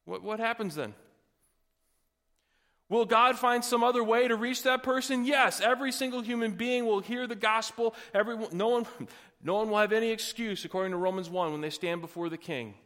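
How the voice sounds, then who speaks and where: A man's voice: high-pitched, moderate pace, fairly bright tone, big-room sound. A man pastor delivering a sermon with folksy asides, building to emphatic, rising passages.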